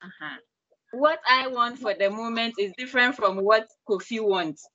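A woman's voice: fairly high pitch, moderate pace, sharp tone, no room sound. A woman student politely asking a question on a call from a phone. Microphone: phone on a video call. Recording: dry lo-fi phone audio.

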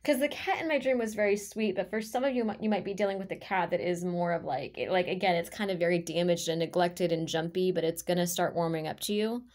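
A woman giving an intuitive tarot reading to her viewers, talking in a rambling, heartfelt way with many halting restarts. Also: on the low side, a little mellow. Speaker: tarot reader.

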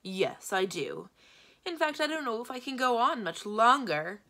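Storybook dark wizard, male, weary and plaintive, bright gravelly voice, woman reader. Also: on the high side, big pitch swings, a little slow, voice pushed up, exaggerated voice. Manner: plaintive and theatrical.

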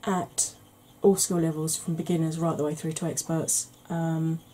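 A woman hosting a soft-spoken ASMR makeup tutorial, chatty and rambling with wry humour, tired from lack of sleep. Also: deep voice, flat delivery, moderate pace, poor audio. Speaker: beauty channel host.

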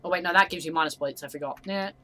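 A young man chatting casually and crudely while playing a game, often shouting insults at enemies. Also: high-pitched, rapid-fire. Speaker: gamer co-host. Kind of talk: casual gaming chat. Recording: faint background noise.

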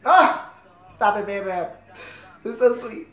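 A man's voice: extremely high pitch, measured pace, pushed and bright, reverberant. A man hosting a music video reaction, gushing and playful as he comments. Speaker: host of a music reaction channel.

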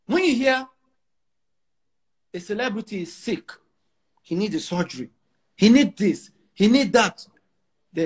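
A man's voice: fairly high pitch, lively intonation, fairly quick, pauses often, slightly rough. A man around forty with a Nigerian Pidgin English accent, a musician talking brashly and emphatically in a casual interview, repeating lines for effect. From Nigeria, Igbo. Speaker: musician guest.

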